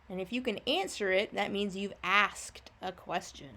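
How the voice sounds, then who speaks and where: A woman teaching a first grade phonics lesson, patiently explaining and slowly sounding out each word for young children. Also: medium pitch, bright, forceful tone. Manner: slow, drawn-out sounding out of words.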